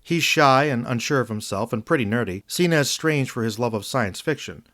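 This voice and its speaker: A man narrates a scripted film review in an earnest, reflective tone. His pitch moves a lot as he stresses his points. The voice sounds dry and close, with no room echo. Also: animated, moderate pace, a bit bright. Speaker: video essayist.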